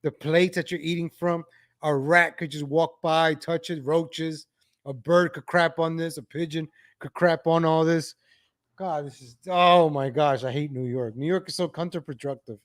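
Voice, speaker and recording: A man ranting in exasperation as he comments on videos for his viewers, calling them ladies and gentlemen. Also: on the high side, fairly even intonation, moderate pace.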